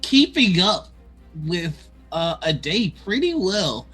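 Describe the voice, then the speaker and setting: A woman's voice: on the low side, very animated. A woman running a tabletop game as game master, laughing often between lines. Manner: laughs often, drawn-out delivery. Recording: faint music behind.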